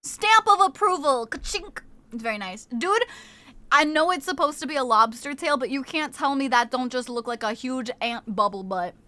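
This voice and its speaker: Woman, streamer, casual chat, bubbly, high-pitched, bright tone. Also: animated, moderate pace, dry recording. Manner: snacking on crunchy crackers.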